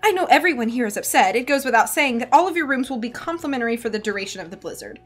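A harried hotel manager pleads and soothes, trying to keep order, voiced by a woman reading a storybook. Her voice sits slightly high. Faint music hums in the background. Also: expressive, rapid-fire. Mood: placating. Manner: pleading and placating.

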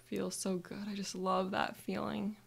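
A woman narrating a calm guided visualization in the first person, speaking softly and sometimes slipping into breathy whispers. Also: mid-range voice, unhurried.

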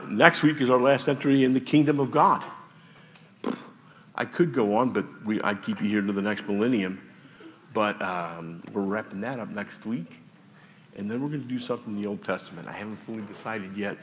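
Joking Midwestern pastor in a reverberant church. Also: male voice, lowish voice, fairly bright tone. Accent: American Midwest. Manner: chatty and joking between scripture readings. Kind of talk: sermon. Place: church sanctuary. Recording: distant mic in a reverberant church with faint ambience.

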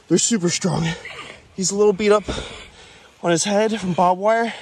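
A man vlogging outdoors in an open field, out of breath and excited, talking to the camera in a casual, repetitive way while he chases after something. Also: sits high, moderate pace, long pauses. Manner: excited, breathless, repeating himself while chasing an animal. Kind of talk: handheld outdoor vlog.

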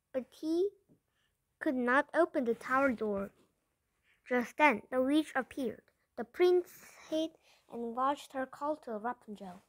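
A woman's voice: high-pitched, no echo, low-quality recording. A woman reading a fairy tale aloud in English, carefully, with small slips and restarts. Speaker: storyteller. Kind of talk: storybook read-aloud.

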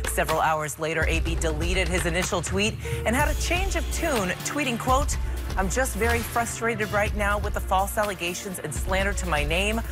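A woman in her thirties hosting a sports debate show, crisply reading out the day's news setup. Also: mid-range voice. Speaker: show host.

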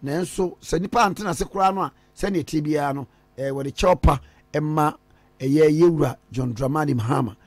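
Man, Ghanaian accent, radio host, high voice, dry close sound. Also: moderate pace, no echo. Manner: lively, drifts between local language and English. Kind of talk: radio talk show chat.

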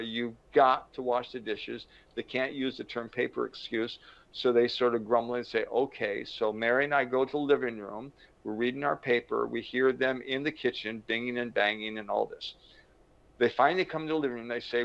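An older man, a motivational speaker, explains ideas through animated anecdotes and acts out the people he quotes, in a dull lo-fi recording. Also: medium pitch, gravelly. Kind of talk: conversational teaching with anecdotes.

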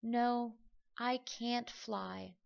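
A woman voicing a small, sad young frog in a children's story, speaking gently and plaintively. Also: on the high side, fairly even intonation, drawn-out words, vocal fry, highs cut off, full character voice.

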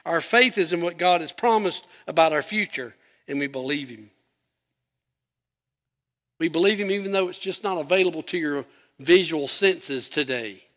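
A man preaching a sermon as pastor, animated, acting out scripture quotes with an emphatic voice. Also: on the high side, normal speed, pauses often, big-room sound.

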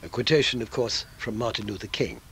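A man reading scripted documentary narration in a measured, expressive way. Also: fairly low pitch, slight background noise, rough recording.

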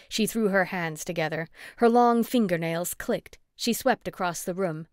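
A woman reading a first-person cozy mystery audiobook with steady, clear storytelling. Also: on the low side, normal speed, hardly any pauses, no echo, clean studio sound. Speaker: audiobook narrator.

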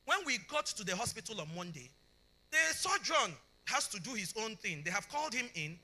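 A bright, forceful, middle-aged Nigerian woman tells a testimony to a conference crowd. Her pitch swings widely as she acts out every voice in her story, and she keeps checking that her listeners are following. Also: normal speed. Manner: animated storytelling, often asks the congregation if they understand; acts out both sides of dialogues. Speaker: conference speaker. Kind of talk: testimony sermon.

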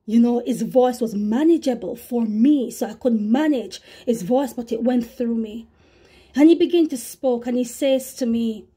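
A woman's voice: a little high, normal speed, dark tone, slightly rough. A woman preaching an earnest testimony sermon, repeating herself and calling out to her brothers and sisters.

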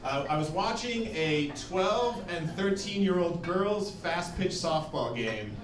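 Man, stand-up comedian, animated, incredulous, roomy club echo, loud crowd laughing. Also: high-pitched, takes it slowly, far from the mic. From Denver area. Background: audience laughter.

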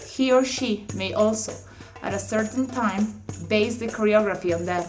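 A woman narrating an instructional audiobook, reading definitions in a measured, explanatory way. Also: medium pitch, darkish tone, soft background music. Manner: measured, explanatory reading with slightly awkward phrasing.

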